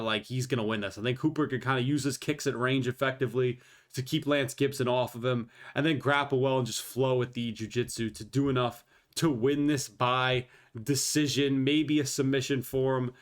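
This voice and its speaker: A man's voice: mid-range voice, a bit bright. Male fight-prediction vlogger, offhand and swearing, mid-range voice, loose casual delivery. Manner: rambling, profane, offhand. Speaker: MMA fight analyst.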